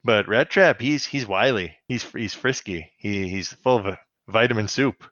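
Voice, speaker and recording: A man's voice: fairly low pitch, moderate pace, a bit bright, no room sound, dull audio. A man co-hosting a casual podcast, recapping a cartoon episode with jokes and a put-on Canadian voice. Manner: jokey, slips into a put-on Canadian voice with "eh". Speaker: podcast co-host.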